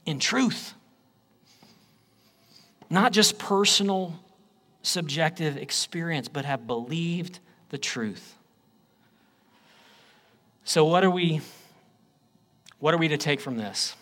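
A preacher man delivers his sermon at an unhurried, deliberate pace, his voice sitting a little high for a man. He leans hard on key phrases, then drops to something low and quiet. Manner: emphatic preaching, swings between loud declarations and low quiet phrases. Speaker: pastor.

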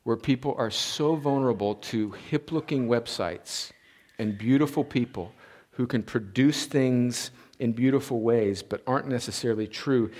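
A man, preaching a sermon as a pastor. He builds to emphatic peaks and then drops into quieter, conversational asides. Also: mid-range voice, normal speed. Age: 40s. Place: church sanctuary.

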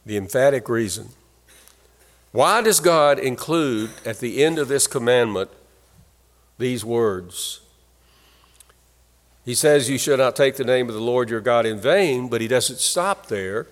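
A man's voice: mid-range voice, lively intonation, unhurried. A man preaching a sermon in an earnest, emphatic way, leaning hard on key phrases. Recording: long hall reverb.

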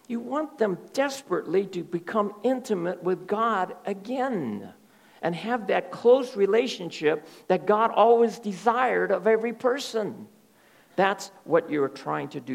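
Man, pastor, sermon, gravelly voice, lively swooping pitch, fairly high, sometimes drops to a hush. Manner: animated preaching, drops to soft hushed tones.

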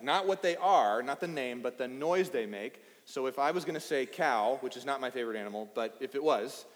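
A man in his thirties from East Texas, preaching a casual, playful sermon and talking with the children in the congregation. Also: mid-range voice. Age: 30s. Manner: playful and chatty, addressing children. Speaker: pastor. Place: church sanctuary. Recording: reverberant hall.

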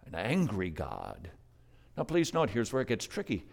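A man preaching a sermon, with dynamic delivery that swings from hushed to loud. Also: fairly low pitch, huge pitch swings, normal speed, vocal fry. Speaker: pastor.

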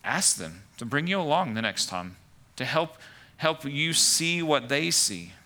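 A man's voice: a little high, sing-song, unhurried, sharp tone. A man preaching a conversational sermon as pastor, full of "like" and "right" asides.

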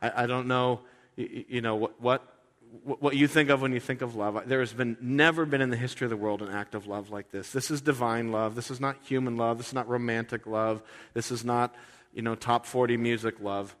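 A man's voice: medium pitch, steady tone, a little fast, fairly bright tone, big-room sound. A man preaching a sermon in a conversational, earnest way, often restarting his sentences. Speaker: pastor.

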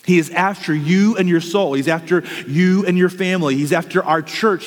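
A man's voice: a little high, big-room sound. A man preaching a sermon as a pastor, earnest and urgent, telling vivid stories.

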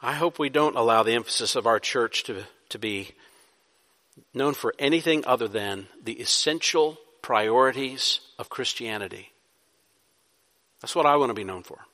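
A man's voice: medium pitch, normal speed, bright, forceful tone. A man, a pastor, preaching a sermon, asking rhetorical questions and building to emphatic bursts. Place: church sanctuary. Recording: long hall reverb.

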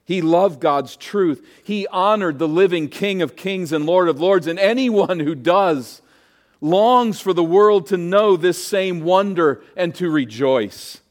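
A male pastor delivers a sermon in a high-sitting, animated voice at a slow pace. He swings from emphatic peaks down to quiet, hushed asides.

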